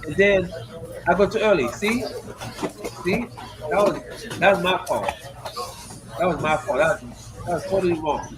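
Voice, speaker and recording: Excitable fighter talking his chat through a fight. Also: high voice, a little slow, pauses often, crowd noise, poor audio. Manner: repetitive, excitable play-by-play with sound effects. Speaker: MMA fighter reviewing his own fight. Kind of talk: livestream commentary talking to chat.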